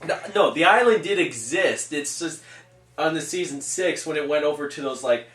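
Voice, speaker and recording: A man's voice: on the high side, expressive, moderate pace, fairly bright tone. A man co-hosting a casual podcast chat, emotional, swearing freely and laughing often. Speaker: podcast co-host. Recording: roomy and distant from the mic.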